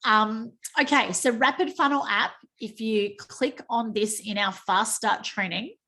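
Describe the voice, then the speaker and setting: An Australian woman hosting a team training call, chatty and quick to joke at her own typing slips. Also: on the high side, pushed and bright. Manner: chatty, self-mocking, exclaims over slips. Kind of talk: screen-share training call. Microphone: video call.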